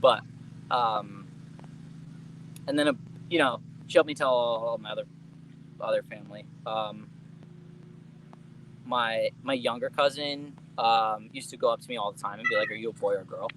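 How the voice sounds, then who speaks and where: A man's voice: mid-range voice, normal speed, long pauses, a bit bright, slight background noise, poor audio. A young adult man telling family stories as an interview guest, chatty and laughing often, with casual swearing.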